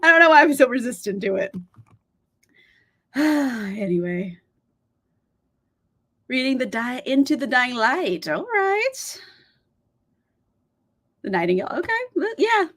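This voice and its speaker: A woman's voice: high voice, sing-song, a little slow, long pauses, fairly bright tone. A young woman hosting a livestream in casual chat, bubbly and giggly, greeting viewers by name. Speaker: livestream host.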